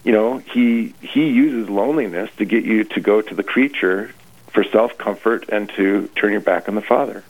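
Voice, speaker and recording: A man, a priest speaking on the radio, with a lowish voice that comes through a thin, phone-like line. He preaches earnestly and often repeats and restarts his phrases as he builds each point. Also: moderate pace. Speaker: priest, retreat leader. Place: radio broadcast.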